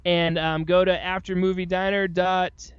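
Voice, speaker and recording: A man's voice: sits high, flat delivery, normal speed, clear, resonant tone, no echo, muffled recording. A man guest on a podcast in casual chat, ranting animatedly and mocking ad voices.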